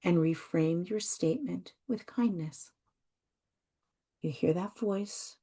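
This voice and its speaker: A woman hosting a self-help podcast, talking gently and reassuringly and repeating her phrases. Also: on the low side, takes it slowly, pauses often, husky. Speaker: podcast host.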